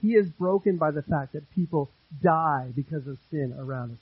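High-voiced husky pastor preaching earnestly. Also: male voice, moderate pace, no echo, dull audio. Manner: earnest, repeats phrases for emphasis, swings between loud and hushed. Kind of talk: sermon.

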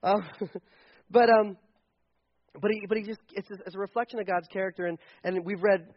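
A man preaching a lively, joking sermon as pastor to a congregation, with frequent restarts. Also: high voice, fairly quick, no room sound, lo-fi sound.

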